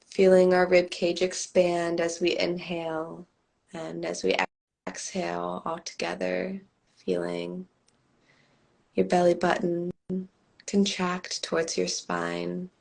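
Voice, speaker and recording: A woman with a hoarse, scratchy voice, co-hosting a live stream and guiding a calm meditation. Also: fairly low pitch. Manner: slow, calm guiding cadence. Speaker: co-host and meditation guide. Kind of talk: guided meditation and casual chat. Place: home, on a live video stream.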